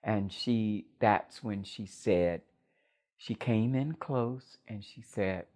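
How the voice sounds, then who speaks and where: An older woman recounting a personal story in a measured, reflective way. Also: very deep voice, warm tone.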